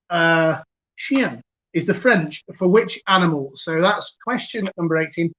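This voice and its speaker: A man hosting a virtual pub quiz over a video call, chatty, chuckling, and reading each question twice, slowly. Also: fairly high pitch, fairly bright tone. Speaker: quiz host. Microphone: computer mic on a video call. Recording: dull lo-fi video call audio.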